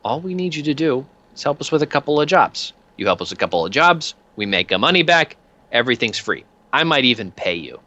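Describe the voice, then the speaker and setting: A man's voice: medium pitch, very animated, brisk, sharp tone, no echo, voice pushed up. A man voicing a cheerful, menacing male debt collector who makes threats in a chummy, wheedling way, on lo-fi call audio.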